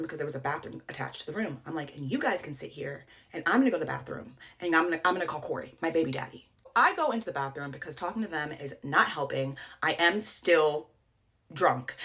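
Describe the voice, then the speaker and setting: A young woman telling a dating horror story to her phone in a casual, animated way, acting out what people said and swearing freely. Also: deep voice. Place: indoors, TikTok video.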